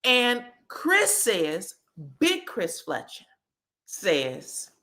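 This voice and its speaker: Sassy, animated woman recapping gossip. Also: fairly high pitch, drawn-out words. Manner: animated, sassy, profane storytelling. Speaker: host. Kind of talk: reality TV recap commentary.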